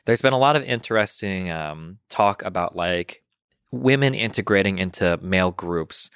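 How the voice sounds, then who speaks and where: A man in his thirties talking as a podcast guest in casual conversation, quick and rambling, with many restarts and fillers. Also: sits low, expressive, fairly bright tone, clean tone, no echo, clean studio sound. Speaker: podcast guest, political commentator.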